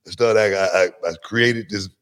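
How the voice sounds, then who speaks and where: A middle-aged man, a guest on a podcast, telling stories in a lively way and often repeating his words. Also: on the low side. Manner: animated storyteller, repeats words, quick restarts. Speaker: guest, former wrestler. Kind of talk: casual podcast interview storytelling.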